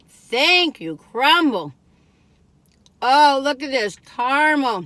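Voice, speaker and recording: A woman's voice: sits high, big pitch swings, very slow, pauses often, fairly bright tone, no echo. A woman chatting through a cookie taste-test, humming and singing snippets between bites and talking with her mouth full. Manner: chatty, breaks into snippets of song; talks while chewing, savoring sounds. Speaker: food reviewer. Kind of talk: casual taste-test chat.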